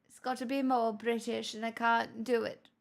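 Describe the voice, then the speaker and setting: A woman's voice: fairly high pitch, level tone, moderate pace, gravelly. A woman streamer chatting casually while reacting to a video, answering chat and slipping playfully in and out of mixed mock accents. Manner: answers live chat messages.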